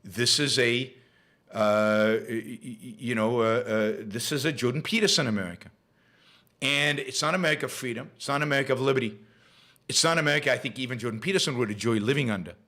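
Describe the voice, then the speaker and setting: A man's voice: medium pitch, brisk, sharp tone. A man hosting his own show, delivering an opinionated solo commentary monologue and repeating phrases for emphasis. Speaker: show host.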